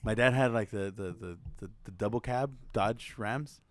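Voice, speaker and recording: A young man co-hosting a casual chat, telling a family story in a lively way, laughing, swearing and acting out the quotes. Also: lowish voice, moderate pace, dry recording. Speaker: podcast co-host.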